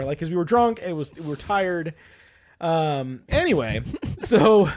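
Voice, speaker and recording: A man co-hosting a podcast, telling a long story in a casual, animated way with plenty of swearing. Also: on the high side, normal speed. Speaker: podcast co-host. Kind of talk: casual chat.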